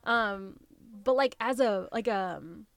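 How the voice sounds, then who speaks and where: A woman's voice: medium pitch, slow pace, no room sound. A young woman hosting a casual podcast chat, laughing often and talking with lots of fillers. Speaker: podcast host.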